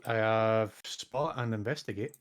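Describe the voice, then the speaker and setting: A man at a tabletop game, tossing out casual questions and jokes. His voice sits low and easy. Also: a little slow, dry recording. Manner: joking, offhand. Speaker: player.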